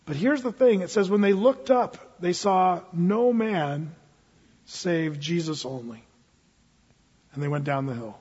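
A male pastor preaching a sermon in a lively, animated way, acting out Bible figures in quick asides. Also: high-pitched, slightly rough. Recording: lo-fi sound in a hall with long reverb.

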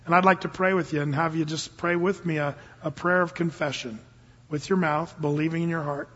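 A man's voice: on the high side, steady tone, fairly quick, a bit bright, slightly rough. An older man, a pastor, preaching a sermon in a casual, earnest way that rises suddenly into emphatic bursts. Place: church service. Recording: dull, long-reverb church recording.

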